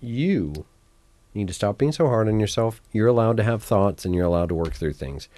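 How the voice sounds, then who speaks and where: A man co-hosting a podcast, telling stories in an animated, laughing way. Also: on the low side, moderate pace. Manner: animated storyteller, laughs often. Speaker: podcast co-host. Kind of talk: casual chat.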